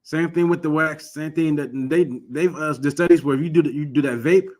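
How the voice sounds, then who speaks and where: A somewhat high-voiced man from Michigan teaching scripture in an easy, informal way. He presses his points earnestly, repeating words as he restarts his sentences. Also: fairly even intonation, a little fast, a little mellow. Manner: earnest, exhortative, frequent restarts. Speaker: religious law teacher.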